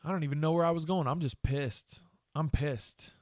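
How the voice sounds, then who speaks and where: A man's voice: a little high, normal speed, a little mellow, no room sound. Guy ranting on his podcast, cussing, angry, dry close sound. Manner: angry, profane ranting with rambling restarts. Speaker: podcast host. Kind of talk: solo podcast rant.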